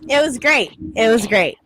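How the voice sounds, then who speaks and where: A woman chatting casually as a guest, telling stories in an animated way and swearing freely. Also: on the high side, no echo. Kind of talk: casual chat.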